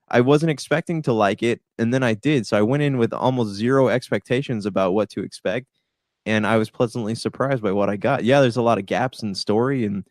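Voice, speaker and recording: A man's voice: lowish voice, no room sound, studio quality. A man co-hosting a podcast, talking casually about movies in a laid-back, hesitant way. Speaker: podcast co-host. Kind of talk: casual movie review chat.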